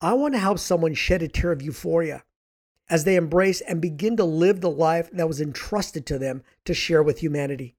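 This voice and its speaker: A hoarse man with a raspy voice, hosting a podcast in an earnest, emphatic scripted motivational monologue. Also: fairly high pitch, a little fast, darkish tone. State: hoarse from much speaking. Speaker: podcast host and author.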